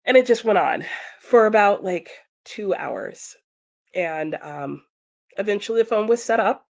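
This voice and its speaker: Woman host, young adult, casual storytelling with acted-out quotes, mid pitch. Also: measured pace, gravelly. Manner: animated, acts out quoted voices. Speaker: streamer hosting reading sprints.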